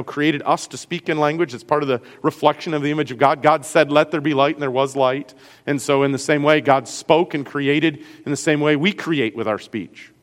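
A man's voice: a little high, in a large hall. A man with a Great Lakes American accent, a pastor teaching a class on Scripture in a conversational way, often checking in with his listeners. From US Great Lakes region.

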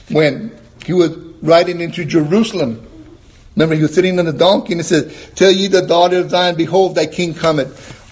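A man preaching a sermon, emphatic and questioning his listeners, reading scripture in a slower, lower tone and often clearing his throat. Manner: emphatic, rising to high exclamations, asks the congregation questions.

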